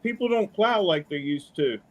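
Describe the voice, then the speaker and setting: A man's voice: sits high, expressive, moderate pace, dull audio. A middle-aged man calling in to a podcast, telling stories in a chatty, folksy way and often tagging on "man.". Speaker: caller. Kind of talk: casual storytelling.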